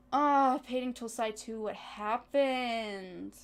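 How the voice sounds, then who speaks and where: A woman's voice: fairly high pitch, drawn-out words, smooth. A young woman streaming as a VTuber, rambling in casual chat to her viewers with exasperated asides and frequent laughs.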